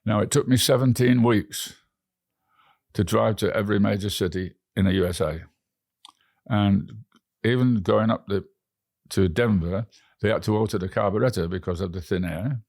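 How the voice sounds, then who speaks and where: A man's voice: fairly low pitch, moderate pace, long pauses, a little mellow, no echo, studio quality. A man with an English accent, a guest telling rambling travel stories in an interview, often restarting his words. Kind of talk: anecdotal storytelling.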